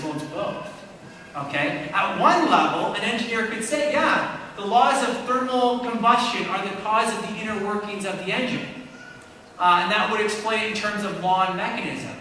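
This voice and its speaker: High bright man in an echoey hall. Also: distant mic, slight background noise. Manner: conversational, checks in with "okay?". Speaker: Christian apologist speaker. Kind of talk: church apologetics talk. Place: church hall.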